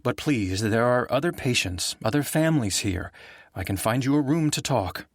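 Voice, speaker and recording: A male narrator voicing a hospital doctor who breaks bad news in a measured, consoling but firm way. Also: medium pitch, animated, no echo, clean studio sound. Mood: calm. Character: calm hospital doctor, middle-aged man.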